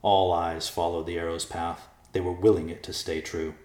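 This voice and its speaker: A man narrating a storybook in a measured, dramatic way. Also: deep voice, little pitch movement, a little mellow, reverberant.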